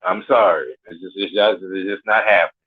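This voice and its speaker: A man's voice: low voice, fairly even intonation, brisk. A man of forty, a caller on a live show, ranting bluntly and with swagger, swearing constantly. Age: 40s. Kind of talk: profane rant. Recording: tinny phone line.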